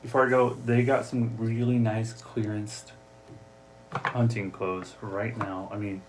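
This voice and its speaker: A man's voice: on the low side, level tone, unhurried, noisy background. A man with an Upper Midwest American accent hosting a casual solo podcast from his home office, jokey and talkative. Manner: chatty, jokey, acts out voices for gags. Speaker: podcast host. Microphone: desk mic, also streaming live.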